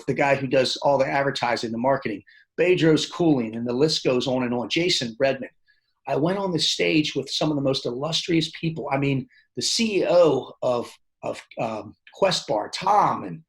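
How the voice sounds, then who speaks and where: A man's voice: medium pitch, poor audio. Guy on a podcast telling his story, mid voice, plain talk, acts out the quotes. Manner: animated, acts out quoted dialogue; plainspoken, loose phrasing with restarts. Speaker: podcast guest. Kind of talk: casual storytelling interview.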